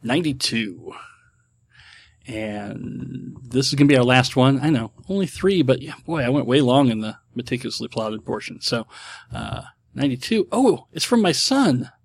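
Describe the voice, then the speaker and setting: A man's voice: mid-range voice, moderate pace, vocal fry. A middle-aged man hosting and answering viewer questions in casual talk. His speech is rambling and reflective, with many restarts and filler words.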